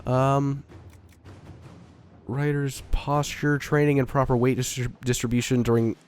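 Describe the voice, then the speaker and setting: A man's voice: medium pitch, completely flat delivery, unhurried, a little mellow, faint music behind. Young man from Texas, a bit stuffy from a cold, rambling let's-play talk with casual swearing and lots of ums. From Dallas–Fort Worth area, Texas. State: getting over a cold. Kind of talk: casual gameplay commentary.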